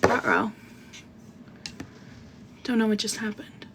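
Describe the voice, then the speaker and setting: A young woman chats bubbly and fast-moving on a casual live stream, her voice sitting mid-range with a gravelly fry. She jokes about herself and talks into a phone with an earbud mic. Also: medium pitch, fairly bright tone, slight background noise. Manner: bubbly, chatty, self-deprecating. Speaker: podcast host reading live. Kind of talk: casual livestream chat.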